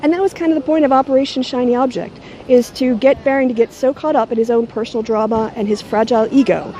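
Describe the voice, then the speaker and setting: A woman's voice: a little high, fairly even intonation, fast, dark tone, slight background noise. A middle-aged woman talking casually and sardonically to a handheld camera she holds at arm's length. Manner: sardonic, mocking. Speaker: YouTuber. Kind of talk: casual talking-head vlog.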